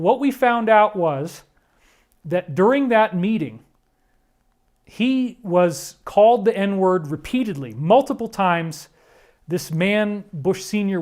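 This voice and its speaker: A high-pitched, slightly mellow man's voice belongs to a commentator working through a series of photos. He delivers an earnest, emphatic monologue, frequently speaking straight to his listeners.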